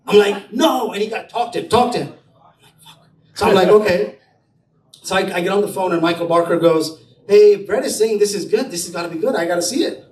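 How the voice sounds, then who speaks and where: A man, a film producer, tells an animated story to an audience at an event, acting out what people said. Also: sits high, distant mic. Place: event space. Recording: echoey room, voice from afar.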